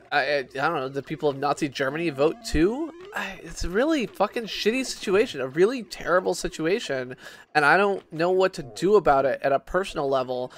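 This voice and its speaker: Tipsy male streamer, talkative and profane, voice pitched a bit high. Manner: rambling, swearing, many restarts and fillers. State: drunk. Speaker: game streamer. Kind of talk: casual rambling chat while gaming.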